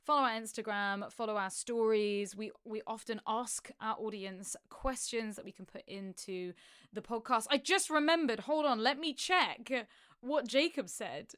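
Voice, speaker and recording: Podcast co-host, woman, high-ish smooth voice, giggly and flustered. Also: normal speed, fairly bright tone, no echo, clean studio sound. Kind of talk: casual chat.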